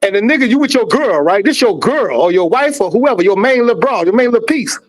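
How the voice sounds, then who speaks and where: A man hosting a livestream sports debate, loud and profane, talking over others and repeating himself. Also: high-pitched, expressive, fast. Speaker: livestream host.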